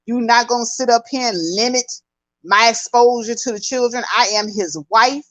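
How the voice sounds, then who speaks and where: A woman's voice: a little high, normal speed, fairly bright tone, no room sound, natural voice. A woman acting out a defiant young wife who lays down her rules in a sassy, firm tone. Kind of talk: mocking impression in commentary.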